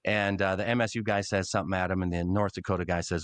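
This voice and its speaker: A middle-aged man, a longtime public address announcer, telling animated stories in a casual podcast interview. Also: sits low, fast talker, no room sound. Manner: animated storyteller, acts out quotes.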